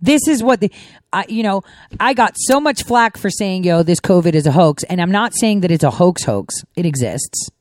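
A woman's voice: lowish voice, animated, normal speed, a little mellow, no room sound, studio quality. A woman hosting her own show, talking in a rambling, conversational way with many asides. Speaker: show host. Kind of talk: casual political commentary.

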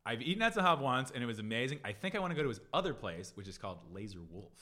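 A man co-hosting a casual chat, animated and joking, swearing casually. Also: mid-range voice, racing. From Philadelphia. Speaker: podcast co-host.

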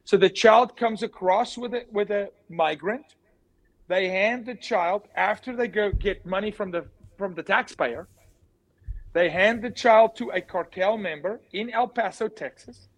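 A man speaking as an interview guest, forceful and emphatic, repeating his key words. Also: high-pitched, unhurried, low-quality recording. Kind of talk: impassioned interview talk.

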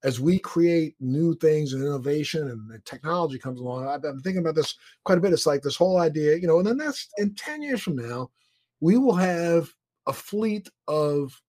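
A man's voice: fairly high pitch, normal speed, a little mellow. A man hosting an interview, asking questions and musing in a casual chat. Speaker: talk show host.

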